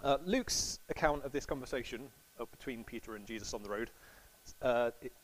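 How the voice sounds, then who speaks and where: A man's voice: mid-range voice, a little fast, low-quality recording. A man giving a casual, chatty sermon to a congregation, acting out quotes with laughs. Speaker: preacher.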